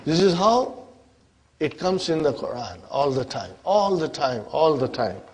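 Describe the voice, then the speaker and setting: Slow, husky male grammar teacher. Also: on the high side, sing-song, darkish tone. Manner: slow, deliberate, constantly checks on listeners with questions. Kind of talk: classroom grammar lecture.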